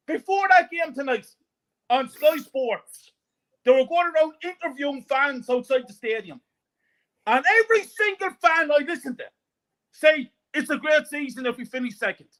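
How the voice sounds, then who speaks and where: A man's voice: extremely high pitch, bright, forceful tone. Man, fan panel caller, emphatic repetitive rant, bitter. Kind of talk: heated fan rant on a call.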